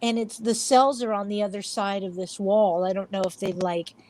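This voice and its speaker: A woman's voice: mid-range voice, steady tone, normal speed, darkish tone, slight background noise. A woman being interviewed as a paranormal investigator, telling rambling, chatty stories and acting out the voices of the people in them. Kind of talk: casual interview storytelling.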